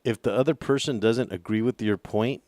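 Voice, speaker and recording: A man's voice: mid-range voice, normal speed, a little mellow, dry recording. A man hosting a radio talk show, methodically steering the conversation and repeating words as he builds a point.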